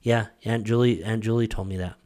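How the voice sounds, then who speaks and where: A man's voice: fairly low pitch, fairly quick. A man co-hosting a casual podcast chat, telling a story animatedly and acting out what others said. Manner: animated storyteller, acts out quoted voices. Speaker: podcast co-host.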